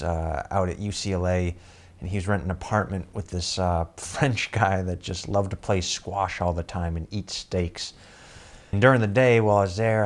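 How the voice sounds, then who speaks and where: Rambling, self-deprecating male storyteller. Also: deep voice. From Boston. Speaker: comedian. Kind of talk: comic storytelling.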